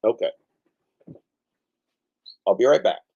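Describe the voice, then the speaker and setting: The audio is dull as a middle-aged podcast host takes his time, his tone mellow while he crudely ridicules the news. Daily shows have worn out his voice and left his throat scratchy, and the whole thing is a profane comic riff.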